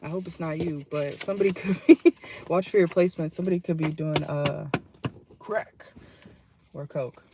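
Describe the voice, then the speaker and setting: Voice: medium pitch, fairly even intonation, normal speed, background noise. A tarot reader giving a casual channeled reading from a parked car, talking bluntly with salty language and frequent laughs.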